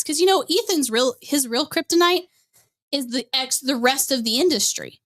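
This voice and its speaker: A woman's voice: sits high, moderate pace, a bit bright. A woman hosting a podcast, ranting in a blunt, profane and sarcastic casual way. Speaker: podcast host.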